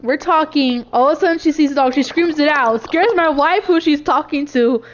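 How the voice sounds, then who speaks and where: A woman co-hosting a podcast, telling animated stories, swearing freely and laughing along. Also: high voice, normal speed, a little hiss or hum. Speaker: podcast co-host. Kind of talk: casual storytelling chat.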